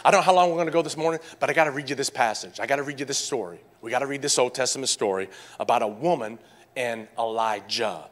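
A man preaching a sermon to his congregation, swinging from loud, animated calls to quiet, hushed pleading. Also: mid-range voice, fast talker. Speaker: pastor.

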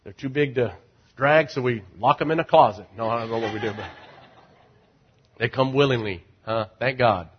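A middle-aged man preaching as pastor, urging the crowd to repeat lines and swinging from loud rising calls to low, confiding asides. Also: normal speed, muffled recording, slight background noise. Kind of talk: sermon.

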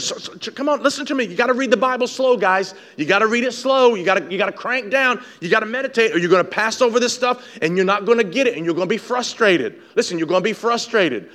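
A male pastor preaching a sermon, building to shouted, repeated emphasis and often stammering over his restarts. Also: high voice, fast, few pauses.

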